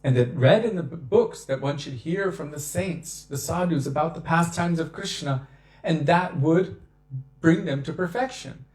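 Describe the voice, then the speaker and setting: Animated male devotional speaker, echoey room. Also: a little high, moderate pace. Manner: animated storyteller who acts out quotes. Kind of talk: devotional talk on scripture.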